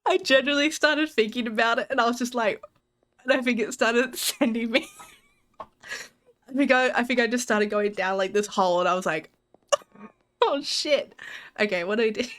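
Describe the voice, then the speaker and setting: A woman's voice: fairly high pitch, normal speed, long pauses, fairly bright tone. A woman streamer chatting casually to her audience while gaming, giggling and rambling. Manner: giggly, rambling, restarts sentences.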